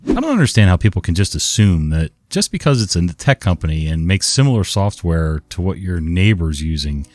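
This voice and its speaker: A man's voice: low voice, sing-song, fairly quick, darkish tone, dry recording. Exasperated man reading tech stories. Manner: exasperated and sarcastic. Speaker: storytelling channel host.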